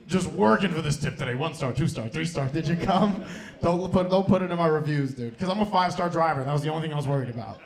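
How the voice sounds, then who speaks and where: A young man with a fairly high, creaky voice talks fast into a handheld stage mic, working the crowd at a comedy club as stand-up comedian and host. His set is loose and full of profanity, and he keeps cracking up at his own jokes.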